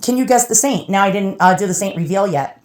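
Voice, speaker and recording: Woman with a New York accent, chatty unboxing host who talks right to the viewers, mid pitch, close mic. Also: quick pace, a little mellow. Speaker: relic restorer and video host. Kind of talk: casual unboxing commentary.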